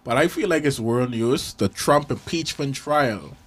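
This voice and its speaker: A man's voice: medium pitch, animated, measured pace. A young man co-hosting a casual podcast, playful and easily sidetracked. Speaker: podcast co-host. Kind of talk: casual chat.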